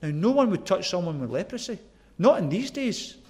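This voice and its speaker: A man's voice: high voice, big pitch swings, fairly quick, darkish tone. A man from Scotland with a Glasgow accent preaching a sermon, earnest and emphatic, asking the listeners questions. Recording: long echoey hall reverb.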